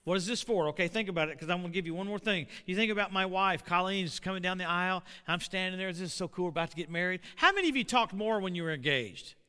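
Middle-aged male preacher, high and piercing, smooth voice, long hall reverb. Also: quick pace, few pauses. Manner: animated, building to shouts. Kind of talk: sermon.

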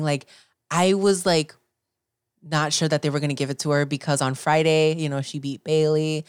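A young woman co-hosting a podcast, chatting excitedly and swearing casually. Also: low voice, normal speed, clean tone, no echo, studio quality. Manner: excitable, swears casually, acts out her own reactions. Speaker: podcast co-host. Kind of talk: casual chat.

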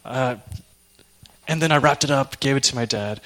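A young man preaching a sermon, telling an emotional personal story in an animated way. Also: mid-range voice, moderate pace.

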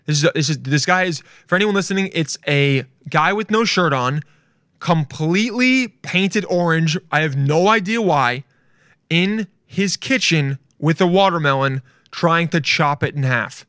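Podcast host, male, slightly high-pitched, rambling and profane, dry close sound. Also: expressive, a little slow, fairly bright tone, no room sound. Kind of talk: casual podcast chat.

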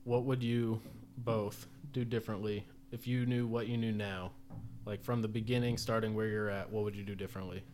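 Fast-talking young man asking questions. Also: on the low side, flat delivery, a little mellow, a little hiss or hum. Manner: laid-back, says "dude". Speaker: podcast host asking questions. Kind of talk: casual podcast interview.

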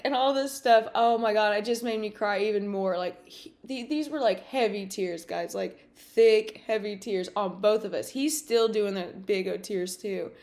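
A woman podcast host telling a personal story in a casual, animated way, with many fillers and acted-out dialogue. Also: medium pitch, moderate pace, hardly any pauses.

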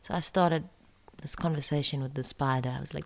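Low-voiced woman telling a story. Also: fairly even intonation, fairly quick, creaky. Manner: confessional, soft-spoken, often dropping near a whisper. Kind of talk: personal storytelling.

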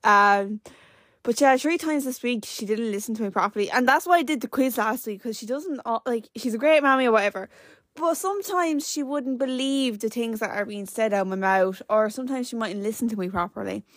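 A teenage Irish woman chatting on her podcast, her voice sitting a little high and sounding close and dry, with no room echo. She rambles through anecdotes and fills her talk with "like.". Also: brisk. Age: late teens. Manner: rambling storyteller, many "like" fillers. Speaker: podcast host. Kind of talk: casual chat.

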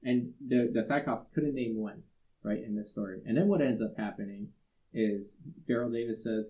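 A man's voice: medium pitch, lively intonation, normal speed, lo-fi sound. A man co-hosting a workplace podcast, retelling a story from a book in a loose, rambling way with many fillers. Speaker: podcast co-host. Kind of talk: casual podcast discussion, storytelling.

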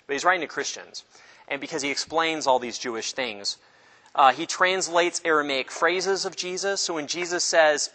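A man teaching an informal Bible study class, animated and joking, acting out the people in the stories. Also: a little high, normal speed, long reverb tail. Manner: animated, jokey, acts out voices of people in the story.

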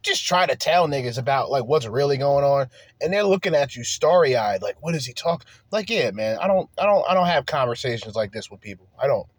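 A man's voice: mid-range voice, lively intonation, brisk, no room sound. A man hosting a podcast, ranting in a heated, profane, emphatic way and firing off rhetorical questions. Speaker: podcast host. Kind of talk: solo opinion rant.

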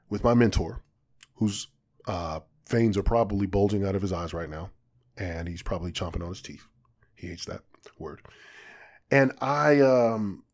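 A man's voice: fairly low pitch, darkish tone. A man hosting a podcast, explaining and telling a story in a casual way with playful, self-mocking asides. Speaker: podcast host.

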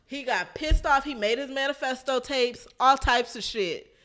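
A woman's voice: high voice, moderate pace, a bit bright. A woman in casual chat, animatedly retelling a wild story, swearing freely and calling her listener girl.

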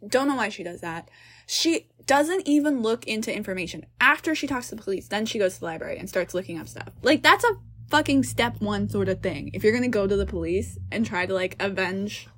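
A young woman co-hosting a casual film review chat, animated and exasperated, swearing casually as she picks apart the plot. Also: mid-range voice, brisk. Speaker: podcast co-host.

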